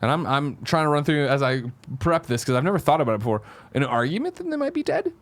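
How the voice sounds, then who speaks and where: Fast, profane man recapping a film. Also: a little high, sing-song. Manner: fast, profane, jokey, jumps into silly voices for characters. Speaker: podcast host recapping a film. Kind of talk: casual chat, rapid recap with acted-out quotes.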